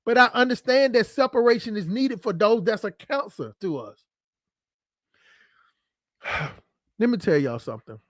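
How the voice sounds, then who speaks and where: Male livestream host, high-pitched, dry close sound, profane off-the-cuff rants. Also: lively intonation, fairly bright tone, no room sound. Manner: blunt, profane, fast-talking, jumps between subjects. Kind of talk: unscripted livestream rant.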